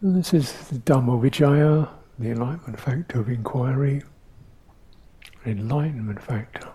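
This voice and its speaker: An older man giving a reflective dharma talk as a meditation teacher, pausing often and humming between thoughts. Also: medium pitch, slightly rough, rough recording. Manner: slow, reflective, with pauses and soft hums.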